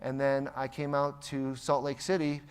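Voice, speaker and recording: A man's voice: medium pitch, moderate pace, smooth. A man from the United States giving a motivational keynote, telling anecdotes and acting out the people in them. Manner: animated anecdotes, acting out quoted voices. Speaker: keynote speaker. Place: large conference hall. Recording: long reverb of a conference hall.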